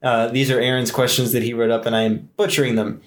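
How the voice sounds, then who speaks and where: Man, podcast host, casual interview, chatty, mid-pitched voice. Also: flat delivery, fast talker.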